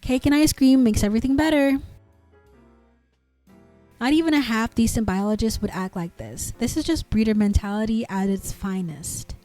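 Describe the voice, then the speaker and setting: A woman narrator reading forum comments aloud in an indignant, expressive way. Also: on the high side, normal speed, soft background music. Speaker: narrator reading online posts.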